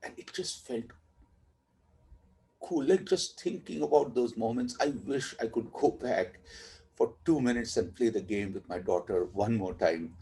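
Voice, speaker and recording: A man's voice: medium pitch, measured pace, mellow, low-quality recording. A man in a documentary interview, reflectively telling a story about his daughter. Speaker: father telling a family story.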